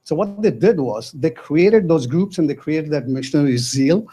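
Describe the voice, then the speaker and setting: Man, classroom comment, earnest, emphatic, warm tone. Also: fairly high pitch, animated, moderate pace, husky. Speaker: guest speaking from the audience.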